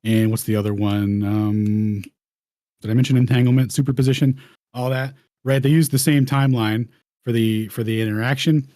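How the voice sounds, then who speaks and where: A man's voice: mid-range voice, flat delivery, moderate pace, dark tone, dry recording, studio quality. A man hosting a round table, talking casually and slangily over slides, rambling and restarting phrases. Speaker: host.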